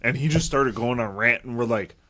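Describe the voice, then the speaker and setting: A man's voice: medium pitch, a little fast, bright, forceful tone, no room sound. A man co-hosting a podcast, telling a rambling story in casual chat and swearing a lot. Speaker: podcast co-host.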